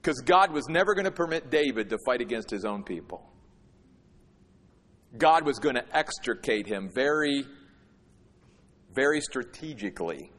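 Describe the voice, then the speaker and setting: A man preaching a sermon as pastor, swinging from hushed asides to emphatic, repeated phrases. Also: medium pitch, lively intonation, moderate pace, long pauses. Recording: long hall reverb.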